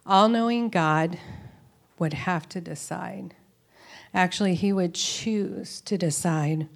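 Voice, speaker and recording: Woman, low-pitched, earnest and reflective, Bible study talk to a women's group. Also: fairly even intonation, unhurried, long pauses. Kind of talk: informal Bible teaching. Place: room with tables of women listeners.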